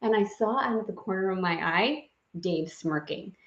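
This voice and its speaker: A woman with a mid-range voice, lively intonation, and a moderate pace, recorded with reverb and cut-off highs. As a spiritual course guide, she leads a live affirmation session, playful and effusive, laughing often while guiding affirmations and breathing.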